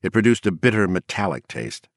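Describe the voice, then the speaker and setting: Deep-voiced man reading a novel. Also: sing-song, a little fast, no room sound, clean studio sound. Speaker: narrator. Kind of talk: audiobook narration.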